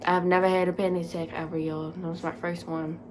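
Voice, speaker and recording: A young woman vlogger telling a casual storytime, animated and dramatic, full of fillers. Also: fairly low pitch, brisk, a little hiss or hum.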